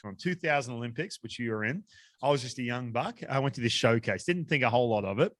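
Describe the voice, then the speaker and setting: Animated Australian man telling stories. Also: mid-range voice, fast talker, no echo, clean studio sound. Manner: animated storyteller, laughs a lot, acts out quotes. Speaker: podcast co-host. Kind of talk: casual chat.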